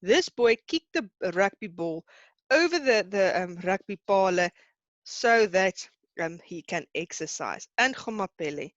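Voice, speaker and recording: A woman's voice: medium pitch, expressive, a little slow, no room sound. Woman teacher, online class, patient, encouraging, dry muffled sound. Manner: patient, encouraging, laughs easily. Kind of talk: online lesson.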